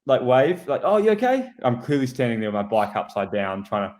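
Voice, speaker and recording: A man's voice: fairly low pitch, fairly quick, darkish tone. A man on a casual podcast, telling a story and acting out what people said. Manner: chatty storyteller, acts out quoted people. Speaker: podcast co-host, pro cyclist. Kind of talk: casual chat, anecdotes.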